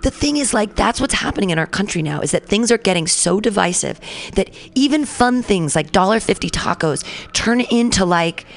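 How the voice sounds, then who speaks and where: A woman's voice: medium pitch, lively intonation, normal speed. A woman hosting a talk radio show, telling a long story in a chatty, rambling way, with lots of "like", and acting out the people in it. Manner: chatty, rambling, heavy use of "like", acts out quoted people.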